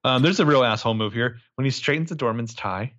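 A man's voice: medium pitch, quick pace, a bit bright, muffled recording. A man casually recapping a movie as a podcast co-host, crude and joking, rambling with lots of fillers.

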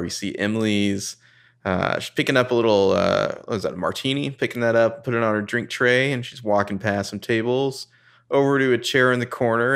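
A man's voice: on the low side, fairly bright tone. A man co-hosting a casual podcast, narrating TV scenes in an amused, easygoing way. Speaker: podcast co-host. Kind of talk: casual recap chat.

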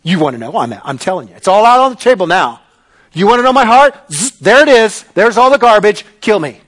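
Man putting on an angry sulking prophet, exasperated ranting, raised voice, swooping pitch. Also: very animated, brisk, a bit bright, full character voice.

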